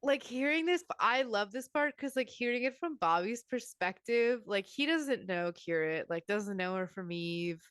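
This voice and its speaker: Expressive, swooping woman podcast host. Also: normal speed, few pauses, clean tone, dry recording, clean studio sound. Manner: expressive, swooping into high voices for quotes. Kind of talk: casual recap chat.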